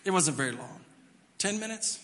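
A man preaching a sermon as pastor, telling stories with animated, acted-out voices. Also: high voice, moderate pace, long reverb tail. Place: church sanctuary.

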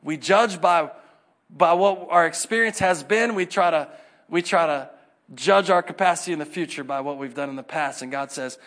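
A man preaching a sermon, animated and acting out the voices in the scripture stories. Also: a little high, normal speed. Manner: animated, acts out scripture dialogue in varied voices.

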